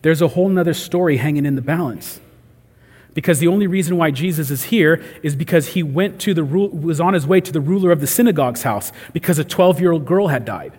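A man's voice: on the high side, brisk, darkish tone, breathy edge, in a large hall. A man preaching a sermon in a conversational way, acting out the voices he quotes. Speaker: pastor.

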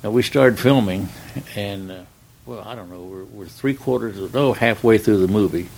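A man's voice: fairly low pitch, normal speed, vocal fry, a little mellow, rough recording. An older man, a stuntman, telling rambling folksy stories in a casual interview, with plenty of "uh"s. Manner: folksy, rambling anecdotes with frequent "uh" and acted-out dialogue.

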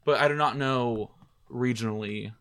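A man's voice: mid-range voice, moderate pace, a bit bright. A man hosting a casual comedic chat, reading items out and riffing crudely with friends. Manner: reads out items and riffs crudely.

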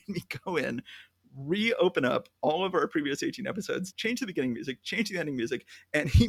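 A podcast host talks through his news in a chatty, storytelling way, laughing often as he goes. His voice is a slightly raised, gravelly man's voice with a husky edge. The close mic keeps the room dry. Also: on the high side, no room sound. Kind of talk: casual podcast chat.

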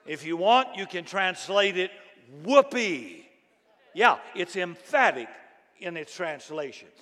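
Man preaching with loud emphatic bursts. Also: expressive, unhurried. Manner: dynamic preaching, bursts into loud emphatic shouts then drops low. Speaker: pastor. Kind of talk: sermon. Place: church sanctuary. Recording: long hall reverb.

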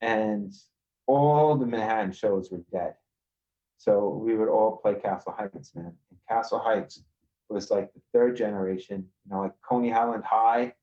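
A man from Queens, a podcast guest telling rough street stories in a swaggering, profane way over a video call. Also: lowish voice, measured pace, dark tone, dull audio. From Queens, New York. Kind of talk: casual storytelling.

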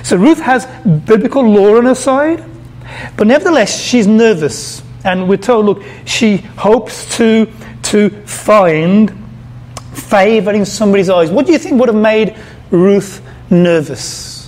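High-voiced man preaching with emphasis. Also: a little slow, a little mellow. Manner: emphatic, asks the audience questions, repeats words while searching. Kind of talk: sermon to a congregation.

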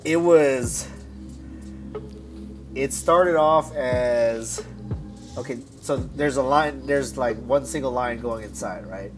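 A man's voice: mid-range voice, slow, music in the background. A man telling a story in a casual podcast chat, rambling and cursing with frequent restarts.

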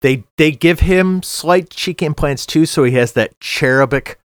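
Halting, restarting middle-aged man on a podcast. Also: on the high side, clean tone, no echo, studio quality. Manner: halting, many restarts and fillers. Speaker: podcast co-host. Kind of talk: casual chat.

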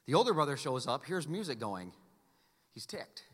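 A man preaching a sermon as pastor, telling stories in an animated, playful rant. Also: mid-range voice, normal speed, husky. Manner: animated storyteller, playful ranting. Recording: long hall reverb.

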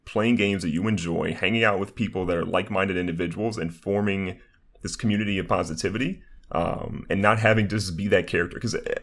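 A young streamer and content creator, guesting on a podcast, speaks quickly in a low, steady, fairly bright voice. His casual talk is upbeat and meandering, peppered with "like."

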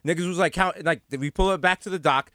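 A man's voice: high-pitched, fast, a bit bright, no room sound, studio quality. A man with a New York accent from the Bronx, telling a rambling funny story in casual chat, full of slang and swearing. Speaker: podcast co-host.

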